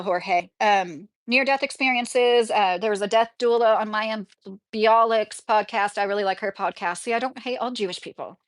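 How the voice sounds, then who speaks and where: A woman's voice: mid-range voice, dry recording. A woman with a Kentucky accent hosts a casual livestream, reading chat messages aloud and answering viewers in a chatty, sympathetic way with many "like" fillers.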